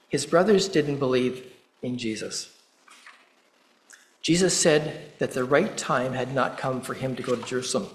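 A man preaching a sermon in a measured way, pausing deliberately and quoting scripture. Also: medium pitch, echoey room, poor audio. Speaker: pastor.

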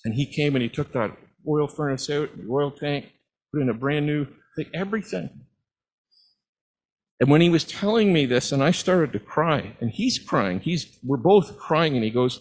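A man's voice: a little high, normal speed, poor audio. Earnest middle-aged man preaching. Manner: earnest storytelling, at times moved to tears. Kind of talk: personal testimony sermon.

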